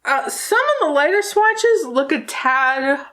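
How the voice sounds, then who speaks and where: A woman's voice: high-pitched, sing-song, takes it slowly, fairly bright tone. A woman beauty vlogger talking casually and sarcastically about makeup releases, often laughing. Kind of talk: casual chat.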